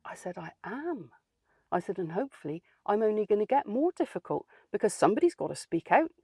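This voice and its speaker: A woman's voice: medium pitch, sing-song, fairly quick, mellow, husky, no echo. A woman playing a feisty, outspoken older lady, telling a comic story in a dry, sardonic way. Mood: wry. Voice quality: dry, plain-spoken and sardonic. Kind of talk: comic character monologue.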